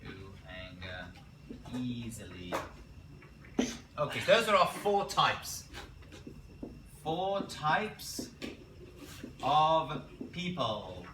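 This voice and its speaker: A man teaching a college class as a rabbi, lively and quizzing his students, correcting himself as he goes. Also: mid-range voice, very slow, long pauses, noisy background. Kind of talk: classroom lecture. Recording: roomy classroom picked up from a distance.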